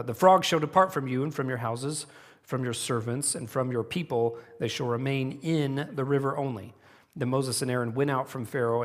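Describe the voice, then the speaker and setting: A man preaching a relaxed, conversational sermon as a church pastor, voice sitting at an average male pitch. He talks through the text with fillers and lets small chuckles slip into his asides. A long reverb trails behind him, as in a church sanctuary.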